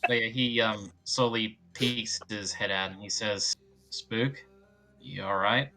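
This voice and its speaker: A man narrating his character in a tabletop role-playing game, soft-spoken and hesitant with frequent restarts. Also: on the low side, steady tone, takes it slowly, creaky. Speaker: player.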